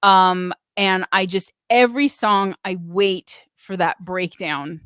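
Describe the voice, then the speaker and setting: A woman's voice: mid-range voice, fairly even intonation, slow, a bit bright, clean tone, no room sound, clean studio sound. A woman hosting a live music show, chatting enthusiastically, swearing freely and reading out chat comments. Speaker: host.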